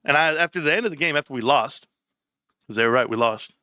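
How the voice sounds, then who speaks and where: Middle-aged man, livestream host, bright forceful voice, dry close mic, high-ish pitch. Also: fast, no echo. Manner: animated storyteller, acts out quotes with big pitch jumps; laughs often, says bro a lot. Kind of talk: casual livestream chat.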